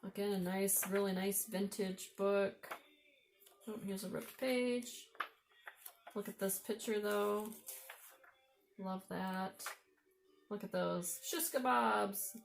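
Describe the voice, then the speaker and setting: A woman's voice: mid-range voice, takes it slowly, creaky, pauses often, a little hiss or hum. A woman with an Upper Midwest American accent, chatting casually as she shows off vintage books she found at thrift stores and admires the pictures while thinking aloud. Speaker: vlogger showing thrift finds. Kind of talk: casual show-and-tell.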